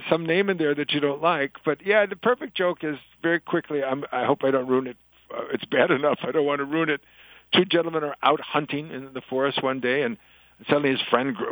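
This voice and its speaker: A man's voice: mid-range voice, creaky, no room sound, rough recording. An older man, an author, chatting in an interview and telling jokes like a storyteller. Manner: chatty storyteller, animated in punchlines. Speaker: author and guest.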